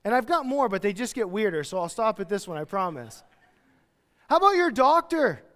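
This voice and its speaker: A man, a pastor, preaching a verse-by-verse sermon with animated delivery, acting out everyday voices. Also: sits high, fast, long reverb tail. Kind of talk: expository sermon. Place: church.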